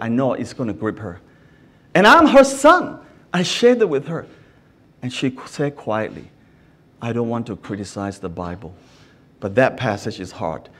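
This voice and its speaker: Male pastor, high voice, earnest sermon with frequent restarts. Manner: earnest, asks the listeners many questions; often restarts words mid-sentence.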